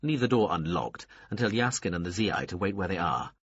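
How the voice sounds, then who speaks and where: A man's voice: low voice, expressive, a little fast, a bit bright, breathy edge, no room sound, heavily acted. A man voicing an arrogant, powerful man who gives cold orders. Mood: commanding. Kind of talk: audiobook character reading. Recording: dull lo-fi dry recording.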